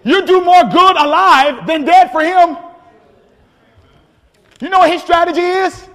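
A man preaching a sermon, energetic and often shouting, with frequent repeats and restarts. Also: very high-pitched, a little slow. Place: church sanctuary. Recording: long hall reverb, faint congregation.

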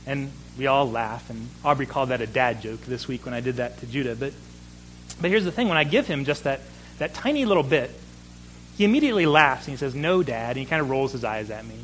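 A man's voice: medium pitch, lively intonation, brisk, fairly bright tone, slight background noise, rough recording. A man in his thirties preaching a sermon as pastor, earnest, building emphasis with repeated phrases.

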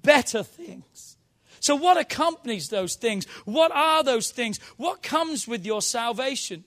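A man's voice: very high-pitched, expressive, measured pace, bright, forceful tone. A man preaching a sermon as pastor, emphatic, calling the congregation to answer back. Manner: emphatic call-and-response preaching.

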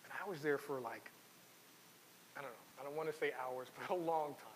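A pastor preaches earnestly and personally, reading scripture aloud and sharing his own story in a brisk, mid-range voice. The recording carries long hall reverb and faint hiss.

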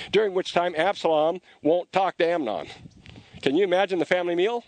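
Male preacher, chatty sermon delivery, animated with restarts, dry recording. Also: sits high, fairly quick, dry recording. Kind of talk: conversational sermon storytelling.

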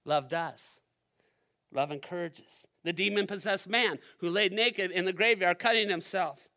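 A male pastor preaching a sermon at a church service, talking straight to the congregation and swinging from loud, driving passages to hushed ones. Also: sits high, a little slow. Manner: addresses the congregation directly.

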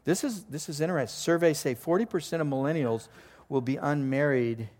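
A man's voice: on the high side, fairly quick, darkish tone, in a large hall. An older man preaching a sermon as a pastor, in a conversational, joking storytelling manner before a live congregation.

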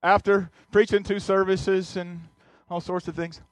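A man's voice: sits high, flat delivery, a little slow, dry recording. A male pastor telling a personal story in a sermon, earnest, often restarting and repeating his words. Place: church sanctuary.

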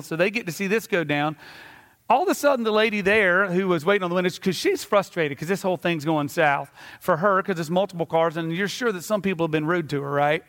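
High-voiced preacher in a reverberant hall. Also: male voice, quick pace. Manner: animated storytelling, acting out scenes. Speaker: pastor. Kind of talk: sermon. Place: church sanctuary. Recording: reverberant church sanctuary.

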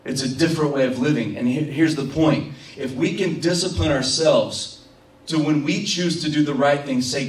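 A pastor preaches a passionate sermon in a church, acting out prayers and imagined quotes. His voice is a little high and paced normally, and the recording is roomy and taken from a distance.

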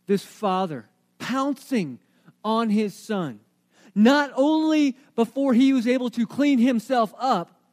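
Guy preaching, really high voice, lively storyteller asking the crowd questions. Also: slow pace. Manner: animated storytelling with rhetorical questions. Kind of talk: sermon.

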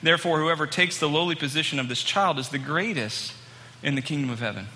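A man preaching a storytelling sermon to a congregation, acting out the people in his stories with growing excitement. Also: fairly high pitch, quick pace, a little hiss or hum. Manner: animated, acts out quoted people, rising excitement. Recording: long hall reverb, faint ambience.

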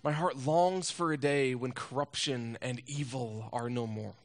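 Here a pastor with a mid-range voice keeps a measured pace while preaching. He tells a story from his own life and raises rhetorical questions, alternating between urgent loudness and soft, hushed moments.

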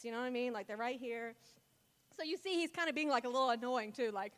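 A woman's voice: high voice, fast talker. A young woman giving a casual, playful sermon, retelling Bible stories and acting out the characters in mock voices. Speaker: speaker preaching to a congregation. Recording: long hall reverb.

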